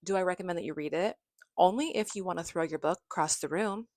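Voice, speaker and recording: Chatty low-voiced woman reviewing books. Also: fast talker, darkish tone, no echo, clean studio sound. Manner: chatty and effusive, swears casually. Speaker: book vlogger. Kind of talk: casual monthly book recap.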